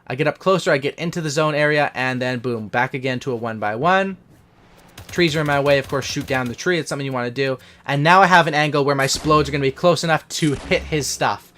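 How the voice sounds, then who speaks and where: A man's voice: medium pitch, fast talker, fairly bright tone. A young man hosting a gaming channel, talking casually and with hype through post-game commentary on his own match. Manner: hyped, casual gamer talk.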